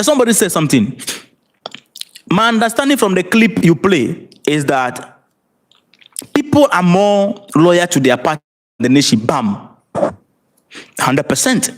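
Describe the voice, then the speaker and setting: Animated Ghanaian man on a livestream. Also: high voice. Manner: emphatic, rhetorical, asks viewers to comment; repeats and restarts words, laughs between points. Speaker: livestream commentator. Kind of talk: live-streamed political commentary.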